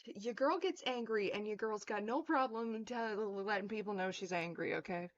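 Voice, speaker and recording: A woman's voice: medium pitch, normal speed, highs cut off. A woman in her thirties on a livestream, ranting in a blunt, profane, confrontational way. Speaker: streamer.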